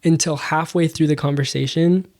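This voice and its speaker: A young adult man, a podcast guest, telling a story in a casual, animated way, full of fillers and acted-out dialogue. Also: on the high side, normal speed. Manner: animated, acts out quoted dialogue, many fillers.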